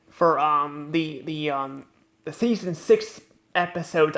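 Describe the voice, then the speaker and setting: A man casually reviewing a cartoon episode off the cuff, rambling and halting, restarting his sentences and repeating words. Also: a little high, fairly bright tone.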